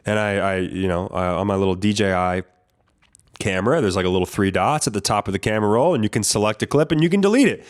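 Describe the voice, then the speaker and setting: A man's voice: fairly low pitch, quick pace. A man hosting a podcast, telling a travel story in a casual, rambling, profane way. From United States. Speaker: podcast host.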